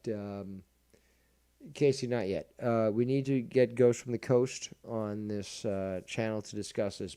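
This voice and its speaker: A man's voice: mid-range voice, dark tone, clean tone. A man hosting a commentary show, ranting in a crude, profane and mocking way, rambling with many fillers. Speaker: show host.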